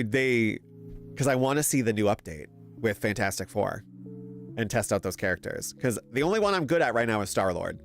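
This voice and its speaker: A man streaming a story game, chatting casually with viewers and reacting excitably, laughing and swearing. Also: medium pitch. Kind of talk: casual gaming stream chat.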